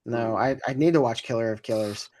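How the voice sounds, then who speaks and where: A man's voice: mid-range voice, fairly quick, a crowd in the background. A man co-hosting a casual podcast, giving blunt, wry opinions on TV and movies. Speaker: podcast co-host. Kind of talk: casual chat.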